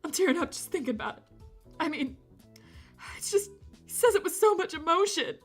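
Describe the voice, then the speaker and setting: A woman streamer reading a visual novel aloud, breaking off for animated, jokey commentary. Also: extremely high pitch, brisk, faint music behind. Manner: animated, jokey asides with laughter.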